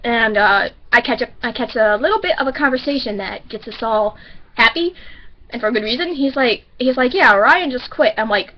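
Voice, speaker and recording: Chatty woman with a higher voice, lo-fi. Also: normal speed, slight background noise. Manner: rambling, self-correcting, chatty. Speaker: grocery store bagger. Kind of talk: casual storytelling.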